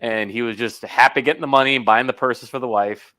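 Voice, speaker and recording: A man's voice: medium pitch, fairly even intonation, quick pace, pushed and bright. A man co-hosting a podcast in crude casual chat, making jokes and laughing as he talks. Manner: wisecracking, laughing.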